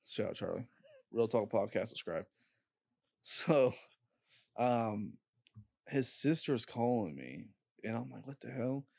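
A young man guest on a podcast, telling a story in casual chat, halting with lots of fillers and swearing. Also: mid-range voice, lively intonation, vocal fry, a little mellow, husky, dry recording.

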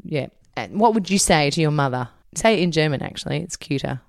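A woman's voice: deep voice, animated, brisk, no room sound, studio quality. A woman hosting a podcast in casual chat, giggly and teasing. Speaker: podcast host.

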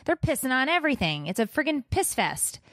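A woman's voice: sits high, sing-song, fairly quick, fairly bright tone, dry recording. A woman hosting a podcast, blunt and earthy, speaking with playful bluntness about parenting. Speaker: podcast host. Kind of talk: casual podcast chat.

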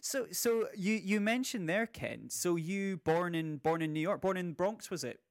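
A male podcast host with a slightly raised pitch, speaking close and dry. He gushes over his guest and trips over his own words, restarting phrases as he goes. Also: expressive, measured pace, dry recording. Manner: effusive, stumbles and restarts. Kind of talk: casual interview chat.

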